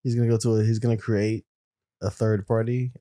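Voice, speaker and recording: A man co-hosting a podcast in casual chat, laid-back and firing off quick skeptical questions. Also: lowish voice, level tone, mellow, no room sound. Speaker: podcast co-host.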